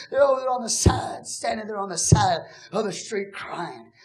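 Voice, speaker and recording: A woman pastor preaching a fiery sermon in church, shouting with a breaking, impassioned voice. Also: mid-range voice. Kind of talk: fiery Pentecostal-style preaching. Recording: music under the voice. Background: music playing.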